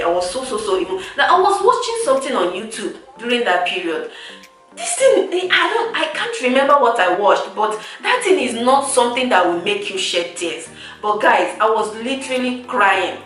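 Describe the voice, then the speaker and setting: A young woman, chatting casually to her viewers, animated and laughing often, repeating words for emphasis. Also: medium pitch. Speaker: vlogger. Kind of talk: casual chat to camera. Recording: roomy echo, far from the mic, faint music.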